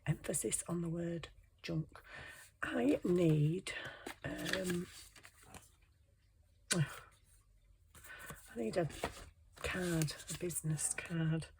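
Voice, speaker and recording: Woman, low voice, chatty and self-mocking, crafting at home with faint background noise. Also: drawn-out words, pauses often. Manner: chatty, self-deprecating, talking to herself while working. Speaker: junk journal crafter. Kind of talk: casual craft tutorial chat.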